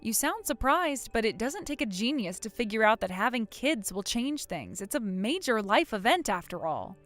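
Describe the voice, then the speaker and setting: A woman plays a cold young wife in a voiced text-message drama. She is scolding and unforgiving, with a slightly high voice that swings widely in pitch. The sound is dry, with faint music underneath. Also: big pitch swings, moderate pace, a bit bright, no echo. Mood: stern. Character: cold, furious young wife who was assaulted.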